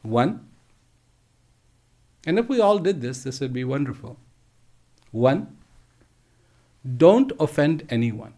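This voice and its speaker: A man giving a slow storytelling talk to teachers, gentle and emphatic, with repeated phrases and pauses. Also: medium pitch, sing-song. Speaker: speaker addressing teachers. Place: live online address.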